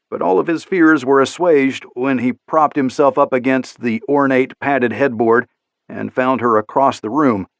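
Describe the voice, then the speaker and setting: A man reading an audiobook in steady, measured scripted narration. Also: mid-range voice, no room sound.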